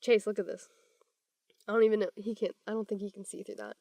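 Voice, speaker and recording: Young woman, podcast co-host, animated casual storyteller who quotes people in character, close dry mic. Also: medium pitch, fast, dry recording.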